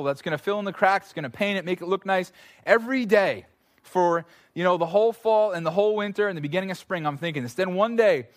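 A man preaching a sermon as pastor at a church service, telling stories in an animated, conversational way with playful asides. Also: sits high.

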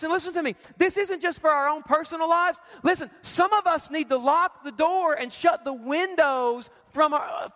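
A man's voice: very high-pitched, sharp tone. A man preaching a sermon as pastor, emphatic and conversational, firing off rhetorical questions to his congregation. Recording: long reverb of a large hall.

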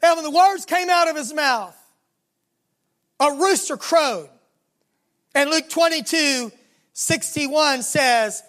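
A preacher with a Southern American accent delivering a sermon, telling the story dramatically and slowing down and dropping low for emphasis. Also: a bit bright. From Southern United States.

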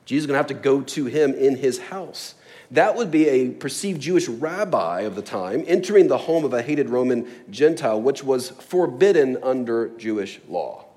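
A man's voice: medium pitch, animated, normal speed, warm tone. A man preaching a sermon, explaining a scripture passage with storytelling and acted-out asides. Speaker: pastor.

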